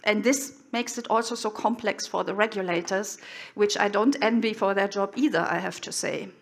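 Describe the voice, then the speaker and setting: A middle-aged woman giving an expert conference presentation in measured, earnest, slightly nonnative English. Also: medium pitch, creaky. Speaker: conference speaker.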